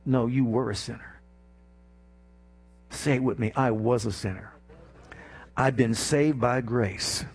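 A male preacher delivering a passionate sermon, swinging from soft, intimate passages to rising exclamations and calling on the congregation to respond. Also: medium pitch, takes it slowly, pauses often, breathy edge.

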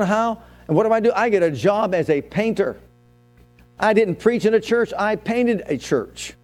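A man's voice: high-pitched, a little mellow. A man preaching a sermon as pastor, telling his own story and asking the congregation questions.

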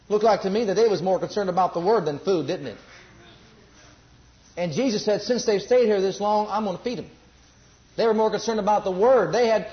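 A man's voice: sits high, roomy sound. A male preacher giving a sermon, repeating phrases and putting questions to the congregation. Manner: repetitive, asks the congregation questions. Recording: slightly muffled lo-fi recording.

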